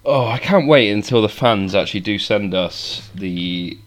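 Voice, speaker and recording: A young man co-hosts a casual podcast while a bit tipsy. His voice sits fairly low, and he rambles, laughs and swears freely. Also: animated, a little slow. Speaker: podcast co-host. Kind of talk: irreverent casual chat.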